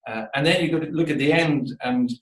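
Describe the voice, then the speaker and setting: A man's voice: a little high, brisk. A man reading scripture aloud and preaching a reflective sermon in a church, often restarting and repeating words as he builds his point. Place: church sanctuary. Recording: echoey room, voice from a distance.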